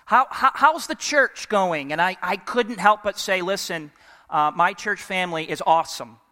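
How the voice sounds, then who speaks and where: A man's voice: sits high, moderate pace, bright, forceful tone. A male pastor preaching a sermon with lots of energy, often asking the congregation to call back answers. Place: church sanctuary. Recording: long hall reverb.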